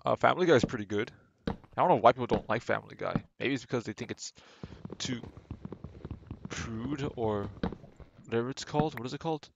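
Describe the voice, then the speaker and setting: A man's voice: medium pitch, brisk, gravelly, long pauses, highs cut off, noisy background. A young man streaming a game live, rambling casually to himself and his chat, often restarting his sentences, on a desk microphone at home. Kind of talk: casual live gameplay commentary. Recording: game music under the voice.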